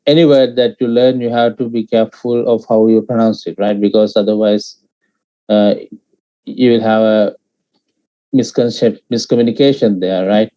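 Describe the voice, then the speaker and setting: A man's voice: on the low side, fairly even intonation, mellow. Patient male teacher, dull lo-fi sound. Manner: patient, repeats syllables slowly with many fillers. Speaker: Pali language teacher. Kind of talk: explaining pronunciation in an online class.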